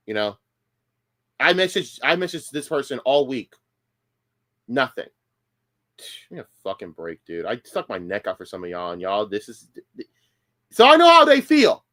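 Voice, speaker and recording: In a live stream from his home setup, a man vents profane fury in a bright, forceful tone. His voice drops to low grumbles then jumps into sudden high outbursts, and he stammers and starts over as he gets himself worked up.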